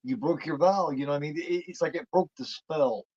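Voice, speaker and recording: A man co-hosting a casual film review podcast, chiming in quietly with his own read of the plot. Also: on the high side, a little fast, breathy edge, dry recording, dull audio. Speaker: podcast co-host.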